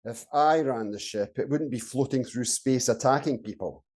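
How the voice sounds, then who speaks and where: A man voicing a grumbling space soldier who mocks everything. His voice is dark and mellow, mid-pitched, the sarcasm laid on dry. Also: moderate pace, lightly acted. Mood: sarcastic. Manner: sardonic, dry. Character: sarcastic rebellious male soldier. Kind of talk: audio comedy acting.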